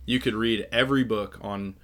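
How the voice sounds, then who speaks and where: A man's voice: lowish voice, steady tone, normal speed, a bit bright. A man who is a pastor, co-hosting a podcast in casual chat and speaking in an affirming, emphatic way.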